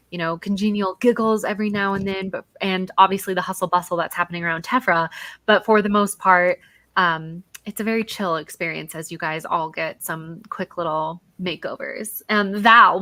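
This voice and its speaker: A woman's voice: medium pitch, sharp tone, no room sound. A woman narrating as dungeon master in a casual, chatty way with plenty of fillers. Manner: chatty, lots of fillers and likes. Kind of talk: narrating a tabletop game.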